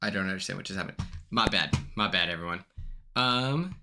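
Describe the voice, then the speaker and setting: A young man hosting a livestream, chatting casually in a blunt, sassy way, swearing freely and quick to apologize. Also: deep voice, lively intonation, background noise. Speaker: livestream host.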